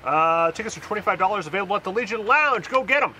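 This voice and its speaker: A man's voice: high voice, fast, slight background noise, rough recording. A man co-hosting a local events show, reading listings outdoors in the cold and joking with his partner. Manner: joking, relaxed, self-deprecating. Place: outdoors in cold winter by a road.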